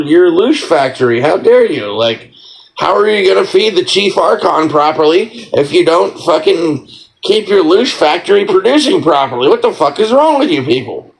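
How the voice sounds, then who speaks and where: A man's voice: a little high, vocal fry, poor audio. A man in a casual ranting monologue, sarcastic and profane, rambling with lots of fillers and mock-scolding.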